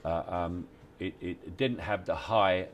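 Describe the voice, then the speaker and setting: A man, giving relaxed, halting interview answers on location at a film set, with many restarts and wry chuckles. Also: low voice, slight background noise. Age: 60s. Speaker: actor interviewee.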